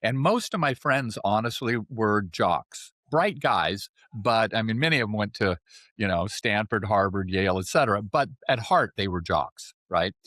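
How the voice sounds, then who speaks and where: A man in his seventies, a podcast guest, telling his life story in a chatty, animated way and often checking in with "right?". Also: on the low side, moderate pace, no echo, studio quality. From California. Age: 70s. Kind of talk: casual storytelling interview.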